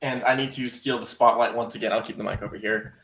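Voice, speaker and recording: A man's voice: mid-range voice, steady tone, fast, fairly bright tone. A man hosting a casual podcast, easygoing and joking. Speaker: podcast host.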